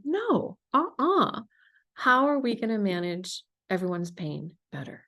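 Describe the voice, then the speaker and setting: A woman hosting a podcast interview, telling stories in a casual, emphatic and animated way. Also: medium pitch, unhurried. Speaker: podcast host.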